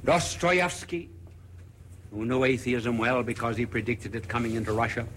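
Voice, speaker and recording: A man preaching a sermon dramatically, rising to loud declaiming and dropping to whispers. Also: mid-range voice, fairly even intonation, moderate pace, a little hiss or hum.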